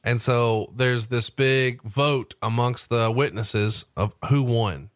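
A man hosting a podcast, retelling a backstage story with animated energy and asking his co-host questions. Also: mid-range voice, slow pace, no echo, clean studio sound. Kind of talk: casual storytelling chat.

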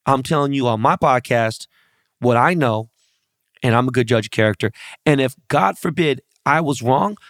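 Brash, gravelly man hosting a podcast. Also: mid-range voice, animated, normal speed, fairly bright tone, dry recording, clean studio sound. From born and raised locally. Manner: brash, profane, storytelling with quoted voices. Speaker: podcast host. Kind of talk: casual podcast chat.

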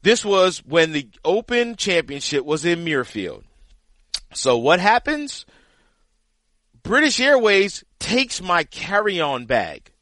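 A man co-hosting a podcast, telling a story in casual chat with an animated, exasperated manner. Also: high-pitched, slow pace, no echo. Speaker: podcast co-host, the caddie.

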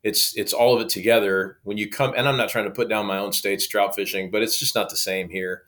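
Man telling a lively fishing story. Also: fairly low pitch, a little fast. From Oklahoma. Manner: lively, acts out quoted dialogue. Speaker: guest. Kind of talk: casual storytelling.

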